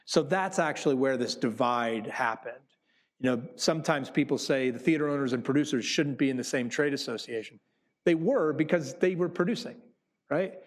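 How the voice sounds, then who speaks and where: Speaking at a normal speed in a mid-range voice, this man is a theater producer addressing business students in a conversational way. He's a lively storyteller who performs the quotes in his anecdotes.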